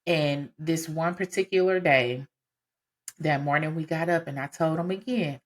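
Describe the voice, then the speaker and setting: Low-pitched woman chatting on a podcast, casual and lively, lots of "you know"s. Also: normal speed. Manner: casual, animated, conversational with lots of fillers. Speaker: podcast host telling her story. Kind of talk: personal storytelling.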